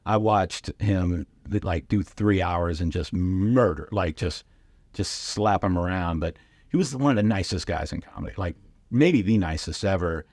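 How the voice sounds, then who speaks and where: A middle-aged man telling comedy anecdotes casually, with lively impressions and lots of fillers. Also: sits low, a little slow, dry recording. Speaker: guest comedian and radio host. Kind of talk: casual storytelling.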